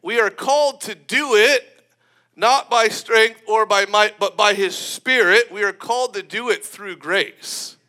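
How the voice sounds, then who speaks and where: A man preaching a sermon in an animated, emphatic way, often breaking into laughter. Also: sits high, measured pace.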